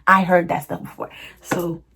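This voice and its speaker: A woman's voice: fairly low pitch, flat delivery, moderate pace, gravelly, a bit bright, slightly rough. A young woman vlogger answering viewer questions in a chatty, slangy, laughing style. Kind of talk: casual Q&A chat.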